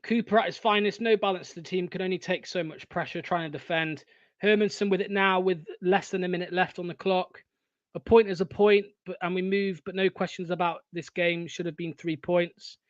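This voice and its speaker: A young man hosting a live football watchalong, swearing often and swinging from excited shouting to deflated muttering. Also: high voice, brisk, dry recording, highs cut off. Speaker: fan watchalong host.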